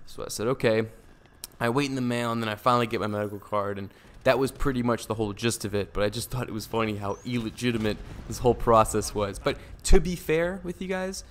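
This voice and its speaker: Fast-talking laid-back young man. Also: mid-range voice. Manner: rambling, fast, laid-back with repeated fillers. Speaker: vlogger. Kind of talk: casual storytelling to camera.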